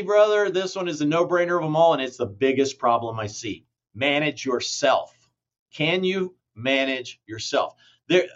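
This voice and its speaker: A man, a franchise company president, giving blunt, emphatic motivational answers in a podcast interview. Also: on the high side. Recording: muffled lo-fi audio.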